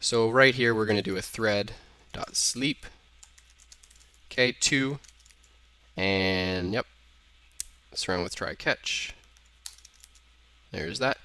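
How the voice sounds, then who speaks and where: A man's voice: lowish voice, slow, long pauses, bright, forceful tone, clean tone, dry recording. A young man casually talking through code in a programming tutorial, thinking aloud and correcting himself as he types. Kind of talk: screen-recorded coding tutorial. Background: keyboard typing.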